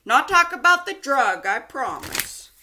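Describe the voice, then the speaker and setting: A woman's voice: high voice, big pitch swings, a little slow, pushed and bright, slight background noise. A young woman giving a casual tarot card reading, chatty and giggly, with lots of likes and ums. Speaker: tarot reader.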